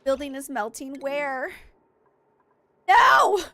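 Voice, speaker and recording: A young woman streaming a game, frantic and excitable, laughing at her own stress. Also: medium pitch, normal speed, dry recording. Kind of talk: gameplay commentary.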